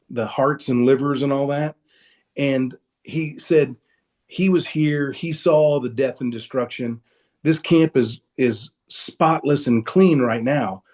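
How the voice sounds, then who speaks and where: A man's voice: medium pitch, a little mellow. A man telling a personal story as a guest in a casual, rambling way, with many restarts, over a video call. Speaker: guest speaker.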